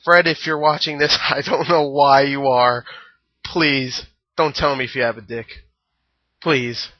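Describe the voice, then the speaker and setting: A man's voice: medium pitch, fairly even intonation, measured pace. A young man giving a casual movie review, rambling with jokey, crude asides and lots of fillers. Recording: dry, dull lo-fi home recording.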